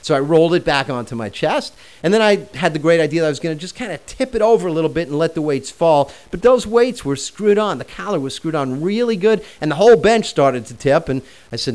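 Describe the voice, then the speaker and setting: A man's voice: on the high side, very animated, a little fast. A man in his forties telling a personal story in a conversational way while teaching a self-help lesson. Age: 40s.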